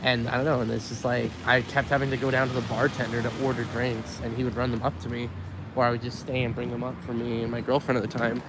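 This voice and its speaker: A man's voice: medium pitch, flat delivery, fast talker. A young man from Winnipeg rambling casually while walking outdoors with a handheld camera, full of likes and ums. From Winnipeg, Canada. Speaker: vlogger. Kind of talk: casual walking vlog monologue. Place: outdoors on a city street. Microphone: handheld camera rig while walking. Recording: street noise and passing cars. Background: city traffic.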